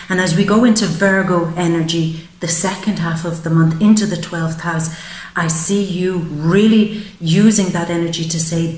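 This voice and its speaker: A woman's voice: on the low side, measured pace, roomy sound, rough recording. A woman giving a psychic tarot reading, speaking with emotion and voicing the feelings she senses in the listener. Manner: emotive, voices the querent's feelings. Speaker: tarot reader.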